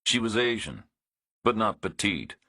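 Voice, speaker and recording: Deep, husky male audiobook narrator. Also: lively intonation, bright, forceful tone, no room sound, clean studio sound. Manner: measured, understated reading. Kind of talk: scripted thriller narration.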